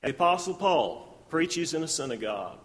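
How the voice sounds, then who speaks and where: Guy preaching a sermon, reads the verses out and does the lines, voice a bit high, big hall echo. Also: sing-song, moderate pace, fairly bright tone. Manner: expository, reads scripture aloud and acts out the speakers' lines.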